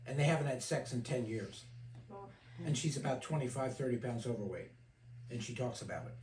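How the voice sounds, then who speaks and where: A man's voice: mid-range voice, animated, brisk, darkish tone, recorded from a distance, slight background noise. An older man, a therapist leading a group discussion, speaking frankly and telling stories, sometimes mimicking the voices of people he quotes. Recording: echoey room, voice from off-mic.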